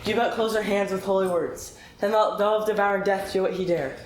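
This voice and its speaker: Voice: mid-range voice, steady tone, brisk, lightly acted. A young actor playing an earnest young male lover in a live stage play. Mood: devoted. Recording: echoey hall, faint noise.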